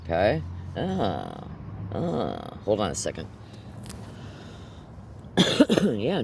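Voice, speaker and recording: In a very slow, gravelly voice that's fairly low yet swoops wildly in pitch, a man vlogs directly to camera with frequent pauses. Agitated and emphatic, he fires rhetorical questions at viewers with nervous laughter in a monologue, and there's slight background noise.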